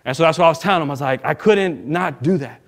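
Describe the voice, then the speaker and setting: A man preaching in a relaxed, story-driven way, slipping into quoted voices as he goes. His voice sits a little higher than most men's. The talk is casual and lively. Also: fast. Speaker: minister. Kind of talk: sermon storytelling.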